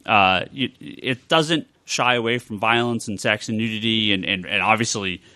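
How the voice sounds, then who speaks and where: A man's voice: fairly low pitch, normal speed, bright, forceful tone, dry recording. An American man co-hosting a podcast, talking casually in a rambling, enthusiastic way, often correcting himself. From United States. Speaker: podcast co-host. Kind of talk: casual chat.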